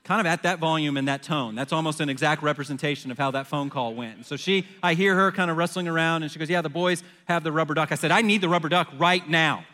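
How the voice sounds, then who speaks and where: A man in his forties preaching a sermon, telling a personal story in an animated way and acting out his own panicked phone call. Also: a little high, fast talker, few pauses. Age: 40s. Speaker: pastor. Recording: long hall reverb.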